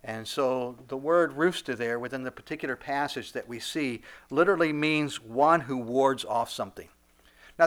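Emphatic preacher with stumbling restarts. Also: male voice, medium pitch. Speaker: pastor. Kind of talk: sermon.

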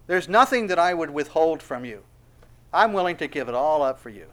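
A preacher voicing an earnest disciple vowing devotion. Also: male voice, on the high side, expressive, fairly quick, fairly bright tone. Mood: pleading.

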